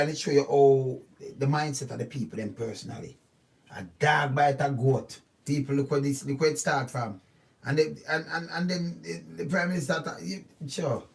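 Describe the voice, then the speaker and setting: Jamaican man riffing on the news. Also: on the high side. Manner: animated, repetitive, keeps asking "see?". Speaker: channel host. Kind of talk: casual commentary on a news story. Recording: voice distant from the mic.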